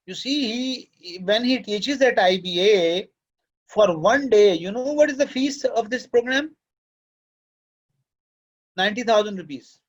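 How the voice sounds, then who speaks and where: Speaking to his students in a classroom, a male course director and lecturer takes a paternal tone and occasionally shifts into Urdu. His high voice moves a little slowly with frequent pauses, and the recording quality is low.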